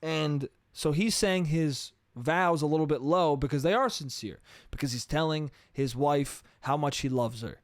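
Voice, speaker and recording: A man's voice: on the high side, normal speed, hardly any pauses, no echo, studio quality. Exasperated, profane man ranting on a podcast. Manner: profane, exasperated ranting with mocking quoted asides. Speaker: podcast host. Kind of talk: solo comedic storytelling podcast.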